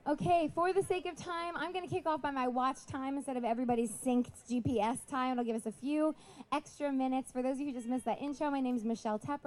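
A woman speaking live at a Christian festival, raising her voice to reach the back of the audience, with chatty, apologetic asides. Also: sits high. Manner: projecting loudly to reach the back. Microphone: PA microphone.

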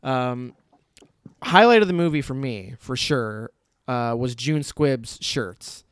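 A man's voice: mid-range voice, animated, slow, clear, resonant tone, no room sound, clean studio sound. A man hosting a casual movie review chat, loose and profane, laughing often. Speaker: podcast host.

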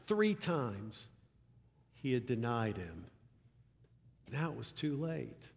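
A man preaching at a deliberate, unhurried pace, his voice carrying a long reverb through a large hall. He retells the story with drama, swelling loud and high for quoted speech, then sinking quiet and low for reflection. His pitch sits in a middle range. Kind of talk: sermon.

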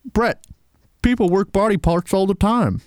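A man's voice: sits high, a little slow, a little mellow, no echo, clean studio sound, voice pushed up. Man putting on a drawling know-it-all fan. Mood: objecting. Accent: Southern US. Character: skeptical male wrestling fan, know-it-all.

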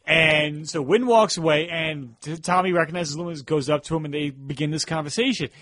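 A man's voice: on the high side, a little fast, a bit bright, no room sound. A man co-hosting a film review podcast, recapping the plot with dry asides. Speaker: podcast co-host. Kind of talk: casual film review chat.

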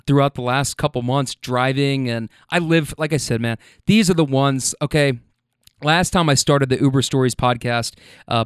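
A man hosting a podcast, telling driving stories in a casual, profane, animated way and laughing often. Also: mid-range voice, clean tone, dry recording, clean studio sound. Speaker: podcast host and rideshare driver. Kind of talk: casual storytelling.

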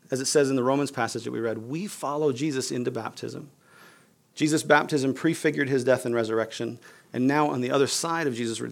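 A man preaching a sermon in a relaxed, chatty manner, explaining scripture like he is talking to friends. His voice sits mid-range with a gravelly, lightly fried texture. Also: medium pitch. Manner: conversational, casual with fillers like "you guys" and "like". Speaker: pastor.

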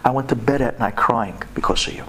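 A man voicing a deeply wounded grown man who speaks low, slow and measured, bitter and unforgiving. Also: a bit bright, slight background noise, lightly acted. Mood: bitter, resolute.

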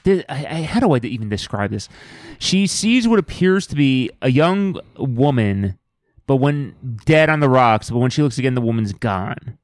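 Podcast co-host, man, mid-pitched, dry close sound, wry plot recaps. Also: animated, normal speed, no room sound. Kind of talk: casual movie-review chat.

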